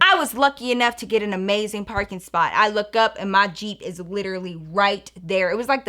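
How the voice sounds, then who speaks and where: A young adult woman telling a story in a casual vlog, chatty and animated, talking straight to her viewers. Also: medium pitch. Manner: chatty, animated, addresses viewers as girl and y'all. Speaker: storytelling vlogger.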